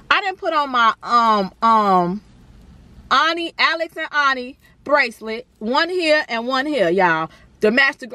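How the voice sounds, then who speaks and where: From inside her car, a young woman vlogs in a slightly high voice at a moderate pace, on a dry recording. She rants casually and animatedly to her viewers, talking straight to them with plenty of "y'all" and "honey."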